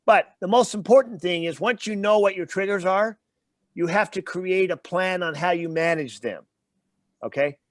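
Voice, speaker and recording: Male guest trainer, a fairly high voice, dry close sound, explains in plain everyday examples. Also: moderate pace, no echo. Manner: explains with everyday examples and stops to check in with "okay?". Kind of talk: interview explanation.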